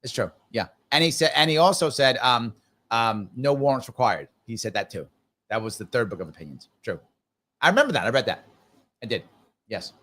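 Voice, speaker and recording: A man's voice: medium pitch, very animated, a little fast, pushed and bright. A man hosting a live stream, chatting casually and reading viewer comments aloud, upbeat and repetitive. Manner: chatty, upbeat, repeats himself. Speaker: host.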